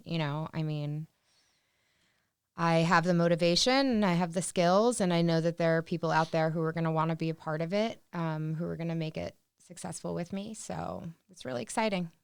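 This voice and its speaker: A woman guest on a casual podcast, speaking earnestly with halting "um"s and "uh"s. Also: lowish voice, fairly even intonation, clear, resonant tone, no room sound, studio quality. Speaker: guest, dog rescue founder. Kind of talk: casual chat.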